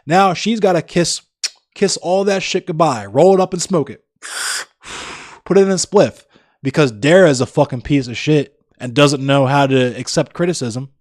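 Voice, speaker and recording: A man's voice: a little high, unhurried, no room sound, studio quality. A young man livestreaming, chatting casually with viewers in a blunt, profane, ranting way. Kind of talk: casual chat with live viewers.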